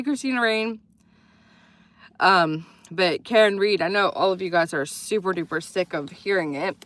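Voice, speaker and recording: A woman's voice: fairly low pitch, bright, forceful tone. A woman hosting a casual livestream, chatting in a rambling way and laughing often as she reads viewer comments. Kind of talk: casual live chat.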